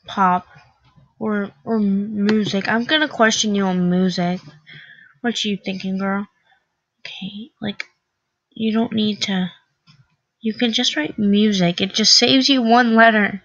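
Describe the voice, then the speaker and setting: A teenage girl chats sarcastically through an online quiz, peppering every thought with "like". She talks in a slow, unhurried way. The recording is dull and lo-fi, close and dry with no room sound. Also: medium pitch, steady tone, a bit bright, dry recording. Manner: chatty, sarcastic, lots of "like". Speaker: vlogger taking an online quiz. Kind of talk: casual quiz reaction commentary.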